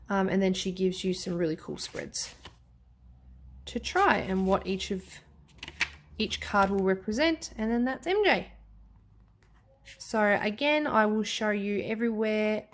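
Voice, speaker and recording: Australian woman, casual vlog host, mid pitch, chatty and gushing, lots of filler words and little apologies. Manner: chatty and enthusiastic, frequent ums and quick self-corrections. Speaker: tarot deck reviewer. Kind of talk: casual tarot flip-through vlog.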